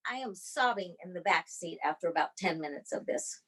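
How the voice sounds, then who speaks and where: A woman's voice: fairly low pitch, fairly quick, hardly any pauses, husky. A woman performing a dramatic personal story over a video call. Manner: dramatic, expressive delivery.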